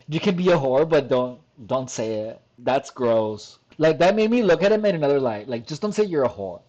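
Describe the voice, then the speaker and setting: A man's voice: fairly high pitch, expressive, moderate pace, few pauses, darkish tone. A man doing casual reaction commentary from his computer, reading an article aloud, laughing often and stumbling over long words. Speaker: commentary vlogger. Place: home desk at a computer.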